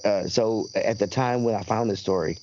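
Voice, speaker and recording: A man co-hosting a podcast, recapping a news story in halting talk full of fillers. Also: lowish voice, warm tone, a little hiss or hum. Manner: halting, many fillers and restarts. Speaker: podcast co-host. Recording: dull lo-fi podcast audio.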